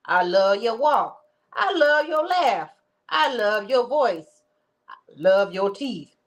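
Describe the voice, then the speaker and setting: A woman voicing a lovesick woman gushing over her man, in an overdramatic, swooning, drawn-out way. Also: fairly high pitch, sing-song, pitched above the performer's own voice.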